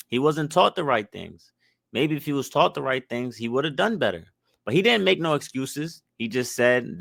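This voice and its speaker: A man's voice: medium pitch, vocal fry, fairly bright tone, dry recording, clean studio sound. A man hosting his channel, reacting to an interview clip in a loose, reflective way, with lots of fillers. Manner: loose, reflective, full of fillers like "like" and "mind you". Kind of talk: commentary on a video.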